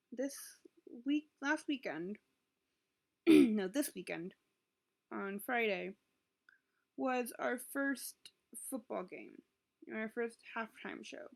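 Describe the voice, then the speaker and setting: A young woman in her late teens with a high voice and a gravelly, fry-edged tone. She rambles into her computer's built-in webcam at home and keeps interrupting herself as she talks. Her throat is sore. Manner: rambling, self-interrupting, emotional. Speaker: vlogger. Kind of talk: confessional webcam vlog. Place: at home, indoors. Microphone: built-in computer webcam mic.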